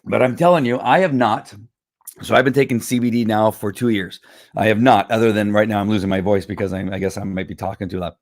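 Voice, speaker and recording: A hoarse man from Southern California, losing his voice, hosts a casual live stream selling wellness products through a computer or phone camera. His voice is low and quick, the room dry with no echo, and he rambles with many fillers, restarts and frequent throat clearing.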